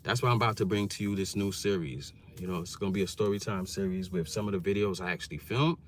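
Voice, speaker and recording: A man's voice: low voice, quick pace, a little hiss or hum. A man, a YouTuber telling stories in casual, slangy vlog talk from inside his car. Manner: animated, slangy storytelling.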